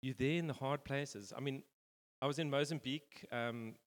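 Male pastor, loose conversational preaching, mid-pitched voice, long church-hall echo. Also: moderate pace. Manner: rambling, informal, many fillers and restarts. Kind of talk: conversational sermon.

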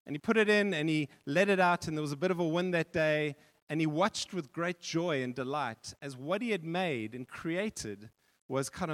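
A male pastor preaching a sermon in a church hall, telling a story with animated repetition. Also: fairly high pitch. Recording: long reverb of a church hall.

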